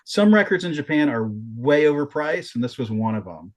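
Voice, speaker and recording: A podcast co-host with a slightly fast, high-leaning male voice chats casually, telling animated stories full of swearing and frequent restarts.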